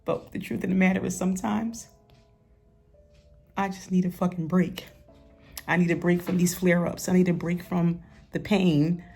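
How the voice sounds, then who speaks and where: A woman's voice: lowish voice, creaky, a little mellow, husky. A woman rapper speaking frankly and with some profanity in a candid documentary interview. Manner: frank and profane, gets playful and laughs. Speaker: rapper interviewed about her life.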